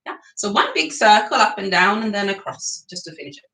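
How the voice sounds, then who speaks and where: A medium-pitched woman from England talks fairly quickly against a noisy background while leading singing and breathing exercises. In an echoey room, she keeps things chatty and encouraging, laughing between drills.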